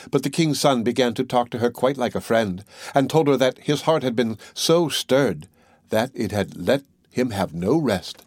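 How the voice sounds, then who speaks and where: A man narrating a fairy tale as an audiobook reader, in a measured, even reading. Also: medium pitch, no echo, studio quality. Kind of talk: storybook narration.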